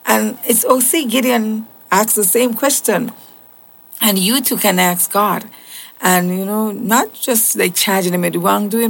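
A woman's voice: medium pitch, a little slow, creaky. A woman giving a devotional Bible teaching, earnest and conversational with casual asides.

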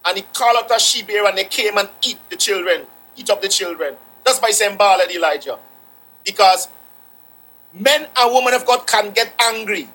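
A man's voice: sits high, normal speed, bright, forceful tone, breathy edge, poor audio. A man preaching a sermon, repeating phrases for emphasis and quoting scripture.

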